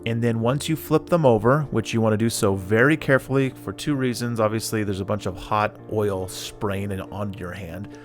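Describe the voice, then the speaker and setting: A man's voice: fairly low pitch, normal speed, faint music behind. A man hosting a casual cooking video, chatting enthusiastically as he cooks and tastes the food. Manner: chatty and enthusiastic, talks while cooking and tasting. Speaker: cooking channel host.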